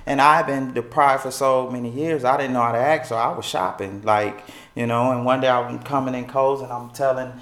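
A middle-aged man from Milwaukee telling a personal story to an audience, animated and acting out the voices of people in it. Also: normal speed, few pauses. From Milwaukee, United States. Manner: animated, acts out quoted voices with big pitch jumps. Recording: echoey room.

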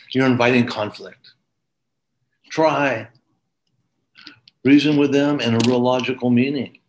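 A man delivers a police training lecture in an earnest, emphatic way. He drives home his points by repeating key words, in an average-pitched voice. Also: a little slow, pauses often, a little hiss or hum, rough recording.

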